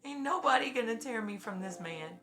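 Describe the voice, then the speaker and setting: A woman's voice: fairly high pitch, animated, brisk, pushed and bright. A woman in her forties talking in a blunt, profane and effusive way in a casual emotional chat on a stream. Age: 40s. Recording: music playing behind.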